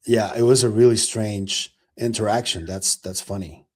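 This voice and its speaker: Relaxed low-voiced male podcast host. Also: normal speed. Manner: relaxed, curious, swears casually. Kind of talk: casual chat.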